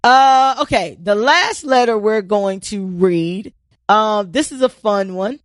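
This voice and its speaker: A woman co-hosting a podcast in casual chat, telling stories in an animated way and swearing freely. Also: medium pitch, slow, dry recording, studio quality. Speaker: podcast co-host.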